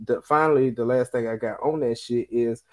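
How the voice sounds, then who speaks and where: A young man talking on a casual podcast in an ordinary mid-range voice. He swears freely and tells animated stories, slipping into the voices of the people he quotes. The talk is loose and conversational. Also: medium pitch, a little fast. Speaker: podcast co-host.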